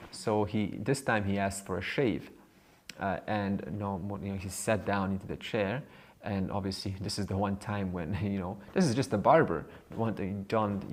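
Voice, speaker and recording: A man's voice: fairly low pitch, a little hiss or hum. A man who teaches spirituality, telling a story at a seminar in a rambling way with many fillers and chuckles. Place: seminar room.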